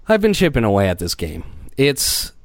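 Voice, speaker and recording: Animated podcast co-host man, dry close sound. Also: medium pitch, normal speed, no room sound. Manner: animated, swears casually, mocks others in a put-on surfer voice. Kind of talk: casual podcast chat.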